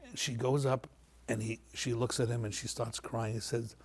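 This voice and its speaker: Guy telling a moving story on a panel, gravelly and a bit husky, repeats himself, acts out what people said. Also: mid-range voice, moderate pace. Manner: animated, repeats phrases, voices the people in his story. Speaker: panel guest. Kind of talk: emotional personal storytelling.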